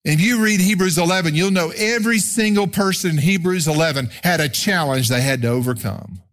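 A male pastor preaching a sermon, lively and emphatic, shifting from shouts to quiet storytelling. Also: brisk. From Oklahoma. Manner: animated preaching, swings from loud shouting to low storytelling. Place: church room with congregation.

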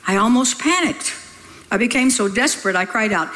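A woman preaches in a bright, forceful voice pitched a little high. She tells her story with lively energy and slips into teasing, laughing scolds of her listeners. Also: brisk, rough recording. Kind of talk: sermon storytelling.

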